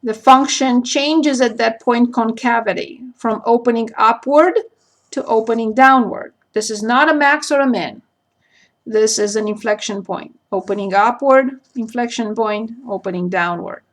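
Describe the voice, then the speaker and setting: In a recorded calculus lecture, a woman math teacher with a slightly high voice works through a graph, slowly spelling out every point and step.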